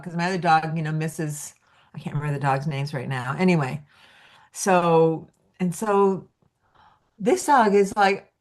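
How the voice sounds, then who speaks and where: A woman's voice: sits low, animated, slow pace, pauses often. A woman teaching energy healing, telling casual stories full of fillers and restarts, acting out quotes in a lifted voice. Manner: rambling, filler-heavy, acts out quotes in a lifted voice. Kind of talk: casual storytelling lecture.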